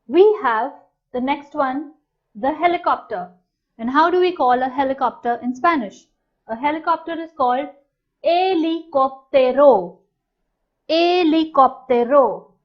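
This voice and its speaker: A woman teaching a language lesson, saying each new word slowly and clearly and then repeating it. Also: high voice. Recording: dull, slightly lo-fi sound.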